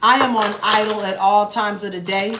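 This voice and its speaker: A woman's voice: mid-range voice, fairly even intonation, moderate pace. Blunt, joking woman reading tarot. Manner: blunt, profane, joking asides. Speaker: tarot reader. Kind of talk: casual tarot reading to viewers. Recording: echoey room with faint noise.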